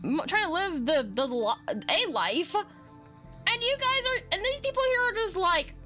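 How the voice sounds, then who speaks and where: A woman's voice: very high-pitched, very animated, moderate pace, bright, forceful tone, faint music behind. A young woman chatting casually as a streamer, rambling and swearing with lots of restarts. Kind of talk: casual chat while rigging a model.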